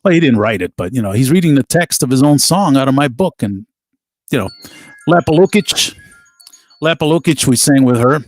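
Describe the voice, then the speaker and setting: A middle-aged band musician, a guest, telling animated stories in a casual interview, quoting people as he goes. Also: medium pitch, a little fast, dry recording, faint music behind. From United States. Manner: animated anecdotes with laughs and quoted voices.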